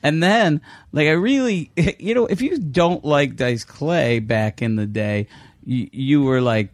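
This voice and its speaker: A man's voice: fairly high pitch, a little slow, no echo, studio quality. A man in his fifties, a guest comedian, telling candid stories in casual conversation with self-mocking laughs.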